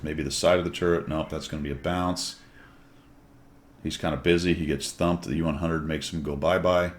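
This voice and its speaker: A man's voice: rumbling low, fairly even intonation, normal speed. A man commenting on his own tank gameplay in a chatty, wry way, with jokey asides to viewers.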